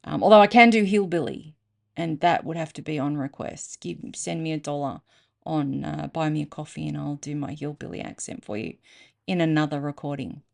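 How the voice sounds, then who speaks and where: Woman, Australian accent, rough gravelly tone, lowish voice, chatty and self-mocking, casual host talk. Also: normal speed, darkish tone. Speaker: channel host reading aloud. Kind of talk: casual chat to camera.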